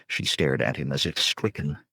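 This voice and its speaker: A man's voice: a bass voice, normal speed, vocal fry, husky, no echo. A man reading an adventure novel aloud as an audiobook narrator. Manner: swells to loud rallying shouts for dialogue. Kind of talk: dramatic audiobook narration with character voices. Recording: dry restored studio recording.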